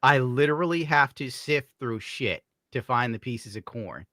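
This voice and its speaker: A man's voice: mid-range voice, animated, normal speed, pushed and bright, dry recording, studio quality. Sardonic, profane man streamer. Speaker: streamer host. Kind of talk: casual stream banter.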